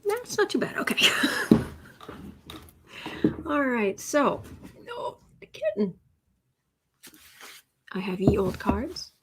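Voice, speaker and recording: A woman's voice: a little high, huge pitch swings, drawn-out words, pauses often, a bit bright, a little hiss or hum. Chatty woman live-streaming tarot. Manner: chatty, laughs often, coos baby talk to her cat. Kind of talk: casual live-stream chat.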